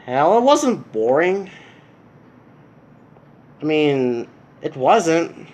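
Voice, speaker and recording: A man's voice: fairly high pitch, very animated, extremely slow, darkish tone. A young American man giving a casual, rambling race review, full of fillers and restarts, in a room at home. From United States. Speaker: vlogger. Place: indoor room with a TV.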